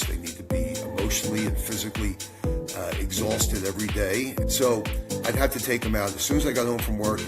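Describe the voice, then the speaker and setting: Low-voiced man telling a lively story. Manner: animated storyteller, acts out quoted dialogue. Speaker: company founder, podcast guest. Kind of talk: storytelling in a podcast interview.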